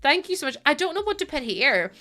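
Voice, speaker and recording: A young woman, streaming a game and chatting casually with her viewers, teasing and quick to laugh. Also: high voice, big pitch swings, bright, forceful tone. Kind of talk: casual live-stream chat while gaming.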